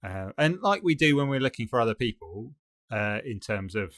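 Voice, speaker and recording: A man's voice: medium pitch, very animated, normal speed, fairly bright tone, no room sound, clean studio sound. A man co-hosting a design podcast in casual chat, hesitant and rambling with many fillers. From United Kingdom. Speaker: podcast co-host.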